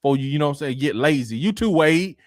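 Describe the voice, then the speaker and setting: Lively, teasing man hosting sports talk. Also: a little high, fast talker, no echo, studio quality. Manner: animated, teasing, many "you know what I'm saying". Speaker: podcast host.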